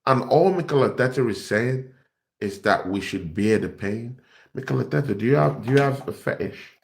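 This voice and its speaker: A man's voice: medium pitch, lively intonation, moderate pace, gravelly. A young man, host of a football fan channel, ranting in exasperation and repeating himself. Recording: echoey room.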